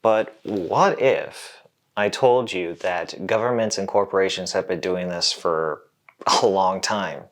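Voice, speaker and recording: A man's voice: on the low side, a bit bright. A man hosting an educational science vlog, explaining in a casual, jokey way with asides to the viewer. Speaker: host.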